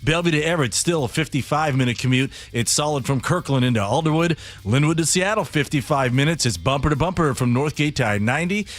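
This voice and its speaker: A man reading a radio traffic report in a brisk, clipped announcer style. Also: on the high side, animated. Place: radio studio.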